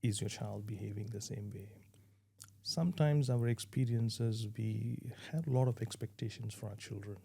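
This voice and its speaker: Gravelly low-voiced man giving advice. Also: steady tone, normal speed, warm tone, a little hiss or hum. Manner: earnest, advising, with repeated restarts. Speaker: parenting guest. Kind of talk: conversational interview answers.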